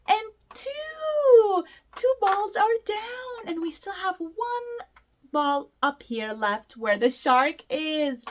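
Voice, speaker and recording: Very high-voiced, sing-song children's host. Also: female voice. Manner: slow, exaggerated, sing-song encouragement. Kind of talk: teaching toddlers through play.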